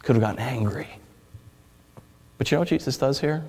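A man preaching a sermon as pastor, swinging between loud impassioned stretches and quiet hushed ones, with stammered restarts. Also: medium pitch, fairly quick. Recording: long reverb of a large hall.

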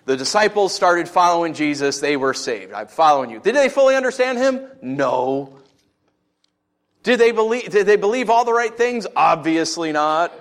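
A man preaching a sermon who tells stories with animated swings, then teaches in an earnest, conversational way. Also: moderate pace. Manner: animated storytelling, lively swings in pitch and loudness. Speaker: pastor.

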